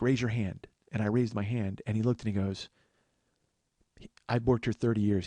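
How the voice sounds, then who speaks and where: A man's voice: on the low side, little pitch movement, normal speed, pauses often, warm tone, no echo. Guy rambling through a story on his podcast, plays out all the voices, dead dry room. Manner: rambling, with restarts and acted quotes of others. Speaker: podcast host. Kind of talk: casual storytelling monologue.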